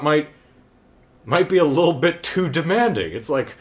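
Animated, joking man reviewing a movie. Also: on the high side, a little slow. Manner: animated, wry and joking, with rambling asides. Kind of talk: casual comedic movie review.

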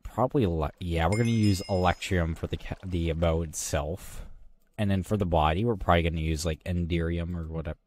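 A man with a very low voice talks his way through a video game in a casual, rambling way. He mutters half to himself and drops dry, self-mocking jokes along the way. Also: fairly quick, darkish tone, slight background noise. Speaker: gaming channel host. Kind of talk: casual gameplay commentary.

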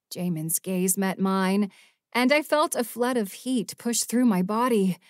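A woman reads a first-person audiobook with expressive emotion, her mid-range voice moving at an unhurried pace. The recording is close and dry, with no room sound or echo.

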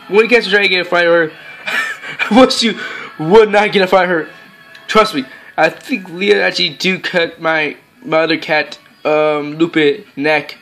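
A man vlogging casually with his cats, rambling and halting with lots of fillers and soft coaxing pet talk. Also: fairly high pitch. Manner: rambling and halting, with many fillers and broken sentences.

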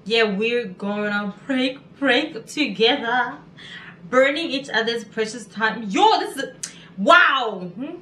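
A woman hosting a casual music video reaction, chatty and excitable, exclaiming often. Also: fairly high pitch, slow pace, slight background noise. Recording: echoey room with music behind.

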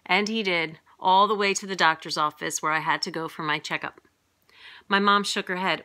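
A middle-aged woman reading a picture book aloud to young children in a lively way, jumping up in pitch for the characters' lines. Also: normal speed. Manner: lively, voices characters with big pitch jumps.

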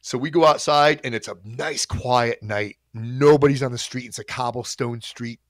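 A man coaching on a livestream, telling a story in a casual, animated and profane way. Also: medium pitch, moderate pace, no echo, clean studio sound.

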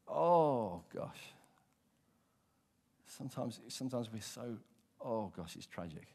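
Expressive British preacher, church echo. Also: male voice, medium pitch, unhurried, creaky, pauses often, breathy edge. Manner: expressive, dramatic, swings from hushed to emphatic. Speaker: pastor. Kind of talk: sermon. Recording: long reverb of a church hall.

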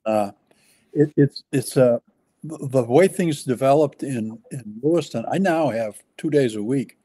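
A man speaking as a pastor in a relaxed ministry conversation, pausing and restarting often as he describes his work. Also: medium pitch. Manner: halting, with many restarts and fillers.

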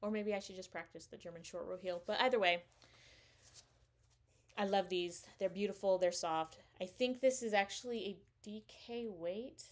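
A woman hosting a knitting podcast chats casually and enthusiastically at normal speed in a mid-range voice, rambling a bit with fillers as she shows off her purchases in show-and-tell style.

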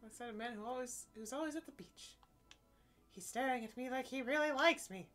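A young woman co-hosting a casual let's play, playful and quick to laugh while reading on-screen text. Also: sits high, a bit bright, faint music behind. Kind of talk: casual gaming chat.

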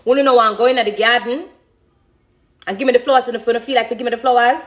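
A woman in her thirties with a Jamaican accent, a dancehall artist, speaks fast in a fairly high voice with fairly even intonation. Her spontaneous remarks on her career are passionate, emphatic, and grateful.

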